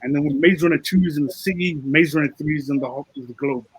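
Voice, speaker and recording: Husky-voiced man, a film director. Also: fairly high pitch, fast, no echo, poor audio. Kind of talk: casual interview talk.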